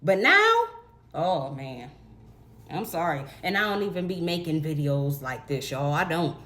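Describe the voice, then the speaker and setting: A woman's voice: deep voice, sing-song, a little slow, bright, forceful tone. A young adult woman telling a story in a casual, blunt, profane rant to her viewers. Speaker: vlogger.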